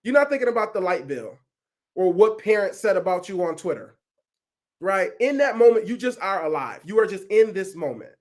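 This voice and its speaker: High-voiced, energetic male workshop coach. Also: moderate pace. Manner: animated, keeps checking in with listeners. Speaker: workshop facilitator. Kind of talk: energetic coaching talk on a video call. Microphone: video call.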